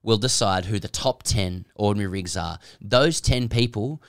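A man's voice: fairly low pitch, normal speed, clean tone, no room sound, studio quality. A man co-hosting a podcast in casual chat, telling stories with lots of laughter and repeated restarts. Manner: chatty, laughing storyteller who repeats himself. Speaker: podcast co-host.

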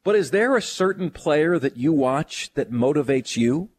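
A man's voice: lively intonation, a little slow. A man hosting a sports radio show, enthusiastic and joking as he interviews a guest. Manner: enthusiastic, joking, swings pitch widely.

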